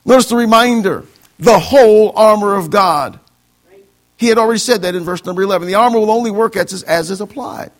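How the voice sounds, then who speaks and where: A male pastor with a fairly quick, high-sitting voice preaches a sermon, quoting scripture and calling for amens from the congregation. His style is call-and-response, and he mocks excuses by putting on voices.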